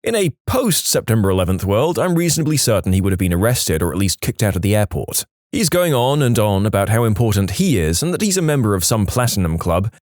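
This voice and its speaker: Wry male narrator with lively pitch. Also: fast, few pauses, no room sound, clean studio sound. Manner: wry, sarcastic storytelling. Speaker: story narrator. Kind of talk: scripted narration of online stories.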